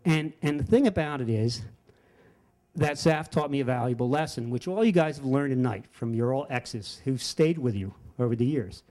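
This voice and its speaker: A man's voice: medium pitch, moderate pace. An older man telling a personal story live at a story slam, animating the quoted voices of people around him. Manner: animated, acts out quoted friends with voice shifts.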